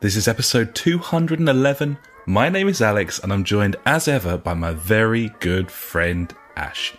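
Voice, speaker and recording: Lively, teasing male podcast host. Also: on the low side, normal speed, faint music behind. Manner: playful, teasing. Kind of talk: casual chat.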